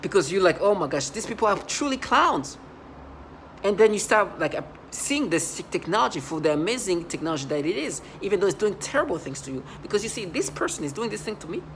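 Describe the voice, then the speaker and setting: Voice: sing-song, quick pace, hardly any pauses, a little hiss or hum. Agitated, rambling monologue voice. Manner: agitated and intense, with frequent restarts and quoted asides; swings between loud outbursts and low muttering. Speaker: vlogger.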